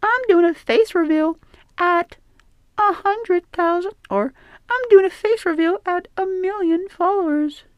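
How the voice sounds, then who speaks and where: A man voicing a teasing male social media poser in a high mocking falsetto. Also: measured pace, no echo, highs cut off. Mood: coy teasing.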